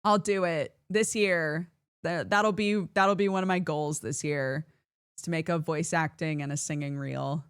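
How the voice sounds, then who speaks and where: A woman streamer in casual chat with viewers, animated and laughing often as she reads chat aloud. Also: sits low, measured pace, clear, resonant tone, no echo, clean studio sound.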